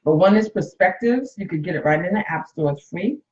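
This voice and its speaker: A woman's voice: fairly low pitch, animated, brisk, darkish tone, reverberant, dull audio. A woman in her late fifties, a coach and nurse, talks candidly and emotionally to viewers during a casual live stream from her phone. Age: 50s.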